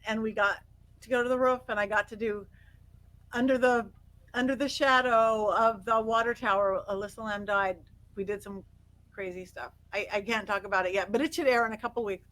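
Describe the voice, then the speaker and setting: A middle-aged woman guest on an interview, telling stories in an animated way, acting out quotes and laughing often. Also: on the high side, low-quality recording. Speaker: guest psychic medium. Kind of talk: casual interview storytelling.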